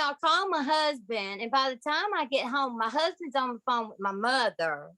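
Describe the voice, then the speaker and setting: Woman, storyteller, emphatic and folksy, higher voice, dry close sound. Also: fairly bright tone, no room sound. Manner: folksy, emphatic, addresses listeners as y'all. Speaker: guest sharing testimony. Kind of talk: personal storytelling.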